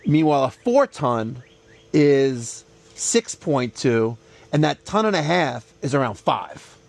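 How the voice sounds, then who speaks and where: A man's voice: medium pitch, sing-song, takes it slowly. A man hosting an HVAC job-site vlog, talking in a salesy, infomercial-style patter about the system he just installed. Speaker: HVAC contractor and show host. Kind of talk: casual on-the-job vlog talk.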